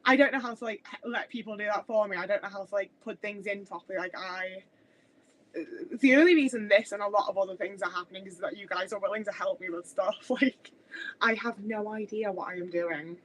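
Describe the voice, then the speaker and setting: A woman in her thirties from Stoke in the English Midlands, with an accent mixing Midlands and Scouse, chats casually on a livestream from her home kitchen, rambling with many restarts. Her mid-range voice moves a little fast, and the audio is poor because her webcam mic loses her as she moves away to cook.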